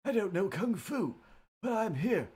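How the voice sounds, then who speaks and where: A dopey surfer-dude cartoon cat, young and male, as a man puts him on. He talks in a laid-back drawl with drawn-out words, pitched well above the man's natural voice. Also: very animated, a little mellow, husky, exaggerated voice.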